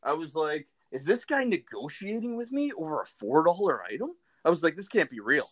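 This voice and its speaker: A man's voice: fairly high pitch, sing-song, fairly quick. A man telling a story in a casual chat, acting out both sides of it in disbelief.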